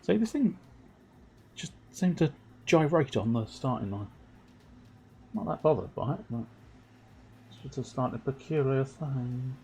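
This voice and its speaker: A man giving excitable, self-mocking running commentary on his own gameplay while streaming, sometimes turned away from his microphone. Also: medium pitch, unhurried, vocal fry, pauses often, a little hiss or hum. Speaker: livestreamer. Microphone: desk microphone, sometimes turned away.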